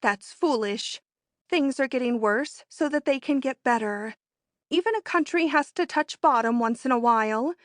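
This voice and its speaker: A woman voicing Natalie, a bright eager society lady. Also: moderate pace, dry recording, studio quality, natural voice. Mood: impatient. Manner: high, emphatic, exclaiming. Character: excitable young society woman, eager and bold. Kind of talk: audiobook character voice.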